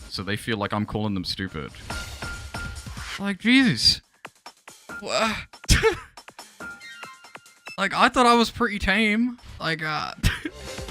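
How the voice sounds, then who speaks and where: Young guy on stream, super animated pitch, cursing, laughing, bright edgy voice. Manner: incredulous, swears a lot, laughs often. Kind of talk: live-stream reaction chat.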